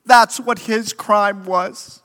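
A man preaching a sermon as a story, slow and deliberate, rising to impassioned emphasis. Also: sits high, steady tone, pushed and bright. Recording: long hall reverb.

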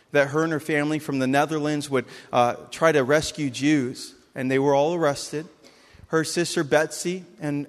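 A man's voice: a little high, long reverb tail. A man preaching a sermon as a pastor, earnest and storytelling, acting out the characters of a parable as he speaks.

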